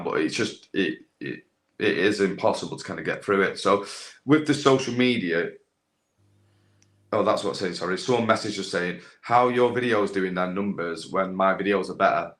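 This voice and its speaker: This young man's voice is low-pitched and a touch bright. As a podcast guest with a landscaping business and a social media following, he keeps things casual and rambling, heavy on fillers and restarts.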